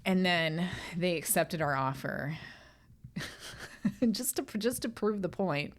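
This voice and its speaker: A middle-aged woman talks alone into her podcast microphone, her voice sitting a little low for a woman. She speaks candidly and swears freely. She is tearful and holds back sobs as she goes. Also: expressive, slow pace, pauses often. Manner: candid and emotional, frequent swearing. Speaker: podcast host. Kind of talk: casual solo podcast monologue.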